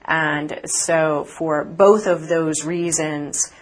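A woman reporter answering interview questions in an articulate, measured way, with occasional fillers. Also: deep voice, fairly even intonation. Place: conference city, remote from host.

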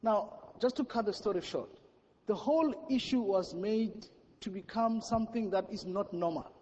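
A man's voice: high voice, moderate pace, a little mellow, husky, long reverb tail, highs cut off. A man speaking as a media panelist at a conference, telling a personal story in an earnest, emphatic way. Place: large conference hall.

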